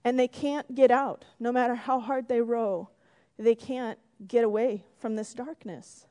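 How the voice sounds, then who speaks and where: A woman preaching a gentle sermon to her congregation, telling a story and closing in prayer, sometimes dropping to a whisper. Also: a little high, steady tone, unhurried. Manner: gentle, drops to a whisper for emphasis. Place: church sanctuary. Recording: long reverb in a church hall.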